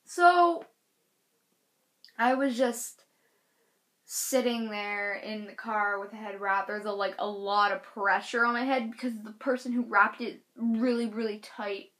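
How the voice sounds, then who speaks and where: A woman's voice: mid-range voice, steady tone, a little slow, a bit bright. A young woman telling a personal story in a casual, chatty way, full of filler words. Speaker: vlogger.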